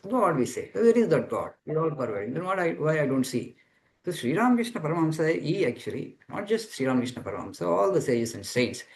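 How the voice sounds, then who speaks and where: A monk answers his students' questions over a video call, giving a spiritual teaching with earnest explanations and repeating phrases as he searches for words. His voice is medium-pitched, and the audio is poor.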